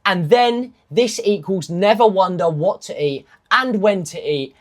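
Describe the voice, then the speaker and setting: A man's voice: high voice, expressive, a little slow. A man, a fitness coach, talking casually through nutrition rules in step-by-step lists, with self-mocking asides. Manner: emphatic, stepwise lists of rules. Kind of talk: casual instructional talk.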